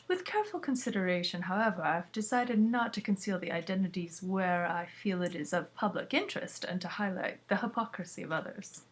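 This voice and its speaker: A woman casually reading a book aloud, with asides and self-corrections. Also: mid-range voice. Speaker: reader.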